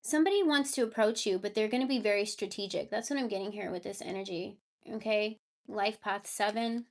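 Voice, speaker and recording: A woman with a medium-pitched, fairly quick voice is a tarot reader doing a live reading and chatting casually with her viewers. She slips into baby talk with her cat.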